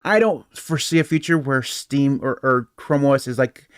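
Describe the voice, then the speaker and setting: A man's voice: mid-range voice, normal speed, clean tone, no room sound, studio quality. A man co-hosting a podcast in a casual, rambling way, chuckling often between points. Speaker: podcast co-host. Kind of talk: casual tech chat.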